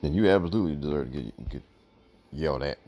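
A man's voice: rumbling low, quick pace, mellow. A man hosting his own show, giving blunt, emphatic opinions and often repeating "look" to drive points home, while fighting the hiccups. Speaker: podcast host. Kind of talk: opinionated solo commentary.

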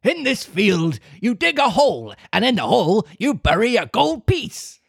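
Woman voicing a husky, sly storybook fox. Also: on the high side, very animated, no echo, clean studio sound, pitched above the performer's own voice, exaggerated voice. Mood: scheming. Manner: coaxing, persuasive, drawn-out words. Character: sly smooth-talking male fox swindler. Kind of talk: storybook read-aloud.

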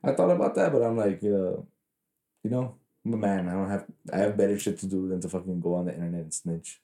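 Podcast co-host, male, low mellow voice, rambling profane storyteller, echoey room. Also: fast talker. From Mexican heritage. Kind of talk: casual chat.

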